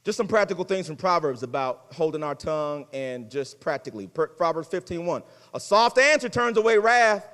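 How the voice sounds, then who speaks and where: A man delivers a sermon in a casual, folksy way, his high voice leaping across a wide range. The sound is bright and forceful. A long hall reverb trails every phrase. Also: brisk, hardly any pauses. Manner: animated preaching, swings from loud to hushed. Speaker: pastor. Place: church sanctuary.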